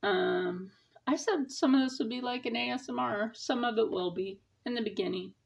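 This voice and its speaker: A woman's voice: a little high, moderate pace, vocal fry, slight background noise. A middle-aged woman hosting a casual sewing tutorial, chatting and explaining each step as she sews. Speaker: sewing channel host.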